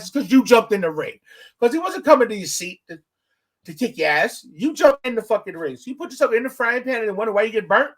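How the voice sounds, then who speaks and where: A man hosting a podcast, telling stories in a casual, profane, animated way. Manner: animated, profane storytelling with big pitch swings. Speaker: podcast host.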